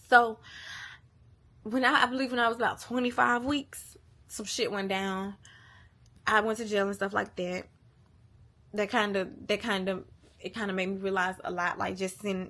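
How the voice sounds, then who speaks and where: A woman's voice: medium pitch, fairly bright tone. A woman, venting candidly and emotionally to the camera, profane and repeating herself. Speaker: vlogger.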